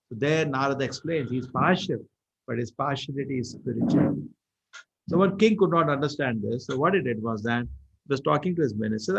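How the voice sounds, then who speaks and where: A man giving a lively scripture lecture as a temple preacher, telling stories animatedly. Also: medium pitch, vocal fry, breathy edge, no room sound. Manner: animated storyteller, acts out quotes. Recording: dull lo-fi recording.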